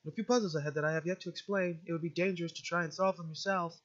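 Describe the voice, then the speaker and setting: A man voicing a gentle, motherly female goat monster, reading her game lines aloud in a soft, formal, doting way. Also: a little high, fairly even intonation, racing, dull audio, pitched above the performer's own voice, lightly acted.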